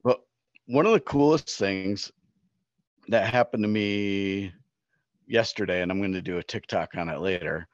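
A man's voice: lowish voice, moderate pace, long pauses. A middle-aged man co-hosting a podcast, speaking in an earnest, reflective casual chat. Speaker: podcast co-host. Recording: slightly dull, lo-fi sound.

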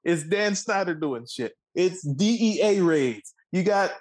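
A man's voice: sits high, lively intonation, measured pace, rough recording. A man in his twenties from the Washington, D.C. area, co-hosting a sports talk show with a heated, profane, emphatic rant. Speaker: co-host.

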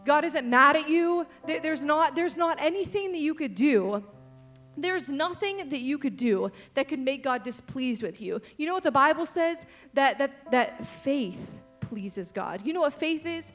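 A young woman giving a casual sermon, chatty and animated, with frequent asides to the audience and lots of "like". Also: high voice, a little slow, faint music behind.

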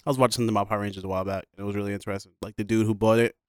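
A man in casual chat, talking loosely and fast with slang and frequent laughs. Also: on the low side, level tone, clean tone, no echo, clean studio sound.

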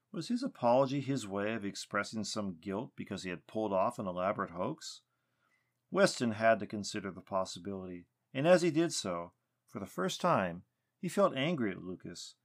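A man narrating a story in an expressive reading style. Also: lowish voice, normal speed.

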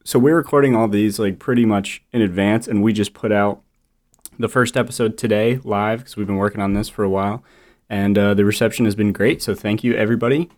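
A man's voice: on the low side, fairly even intonation, a little fast, darkish tone. A young man co-hosting a casual podcast with his best friend, talking in a laid-back, hesitant way with lots of fillers. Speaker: podcast co-host. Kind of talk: casual chat.

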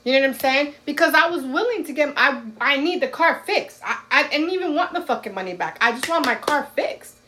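Woman, podcast co-host, blunt, profane, emphatic, casual chat, slightly high voice. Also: expressive, a little fast, few pauses, noisy background.

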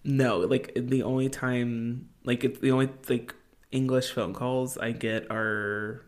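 A woman's voice: rumbling low, flat delivery, slow pace. A woman in her late twenties co-hosting a podcast, chatting casually with many fillers and easy laughs. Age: late 20s. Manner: rambling, filler-heavy, laughs easily. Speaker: podcast co-host. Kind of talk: casual chat.

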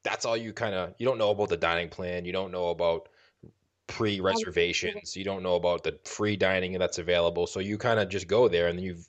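Low-voiced and fairly quick, this podcast co-host speaks with a Boston accent and fairly even intonation, though the recording has its highs cut off. His casual chat wanders, cracks jokes, and keeps circling back to fix what he just said.

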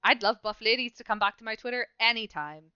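A woman hosts a casual gaming chat with a bright, forceful, crisp voice. She rambles, mocks herself and keeps laughing off her slips. The sound is dry and a little dull. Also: on the high side, animated, dry recording. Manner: rambling, self-mocking, quick to laugh. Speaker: podcast host.

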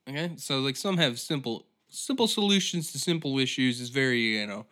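A man's voice: medium pitch, lively intonation, brisk, pushed and bright. Profane, rambling male podcast host. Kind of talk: solo comedic rant.

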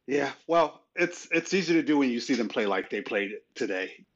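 A man's voice: mid-range voice, lively intonation, normal speed. A man co-hosting a casual sports podcast, talking conversationally with frequent "you know"s. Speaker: podcast co-host. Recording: slightly muffled lo-fi audio.

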